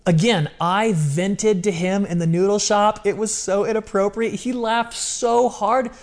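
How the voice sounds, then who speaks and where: A man's voice: sits high, steady tone, unhurried. A man talking as an interview guest, telling personal stories in an emphatic, casual, slang-heavy way. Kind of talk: candid personal storytelling.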